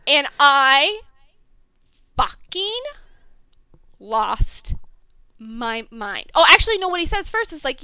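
Woman co-host, bright and forceful, highly animated, swearing freely in a casual chat. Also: slow pace, pauses often, no echo. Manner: gushing and animated, swears for emphasis. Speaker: podcast co-host. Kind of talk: casual chat, fan recap.

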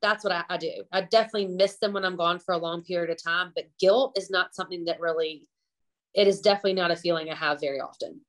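A woman's voice: fairly low pitch, steady tone, fast. Chatty Southern woman chef. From US Gulf South. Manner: candid, chatty, laughs often. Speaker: chef and podcast guest. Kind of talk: casual interview chat.

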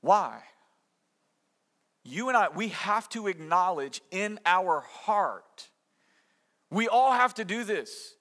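A man's voice: sits high, lively intonation, slow, pauses often, fairly bright tone. A man preaching a sermon as pastor, conversational and emphatic, with rhetorical questions and quotes he acts out.

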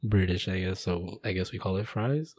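A man from the Maldives co-hosts a casual podcast chat, with a very low, gravelly, husky voice. His talk rambles and restarts itself mid-sentence. The sound is dry and close. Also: normal speed, darkish tone. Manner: rambling, loose, self-interrupting. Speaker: podcast co-host.

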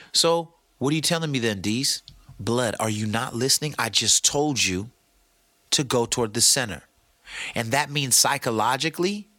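Bright-voiced man, playful and slangy. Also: medium pitch, no echo. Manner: animated, playful, slangy, talks to his producer. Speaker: podcast host. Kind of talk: casual motivational talk.

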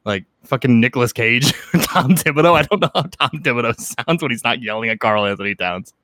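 A man in casual comedic banter who laughs often, swears casually and breaks into shouted impressions. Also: mid-range voice, lively intonation, a little fast, no echo.

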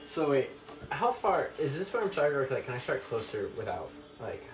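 Excitable man playing a tabletop game. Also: medium pitch, normal speed. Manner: excitable, jokey. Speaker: player. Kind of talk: casual tabletop game chat. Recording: echoey room, mic at a distance, music behind.

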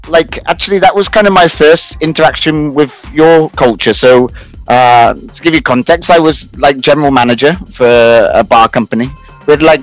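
A man's voice: mid-range voice, low-quality recording. Guy, 30s, chatty guest; loose, filler-heavy telling of his own story. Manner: rambling, lots of fillers and restarts, laughs at himself. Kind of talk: casual spoken account.

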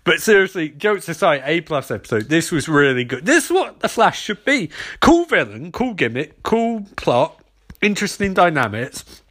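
A young man recapping and reviewing a TV episode in a casual, animated way, swearing freely. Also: fairly high pitch, moderate pace.

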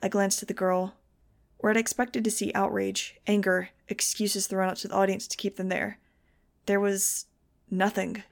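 A woman's voice: mid-range voice, flat delivery, moderate pace, vocal fry. A woman narrating a novel in a wry first-person style for a fan audiobook. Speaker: audiobook reader.

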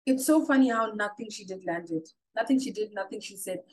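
A woman co-hosting a podcast in casual chat, animated and quick to mimic others. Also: mid-range voice, poor audio. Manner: animated, quotes people in mocking voices. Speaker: podcast co-host.

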